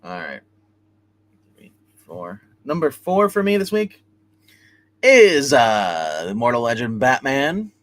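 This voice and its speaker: A man's voice: mid-range voice, very animated, takes it slowly, pauses often, a bit bright. A man hosting a casual livestream comic book review, retelling a story loosely with many restarts and fillers. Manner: rambling plot retelling with many restarts and "he's like".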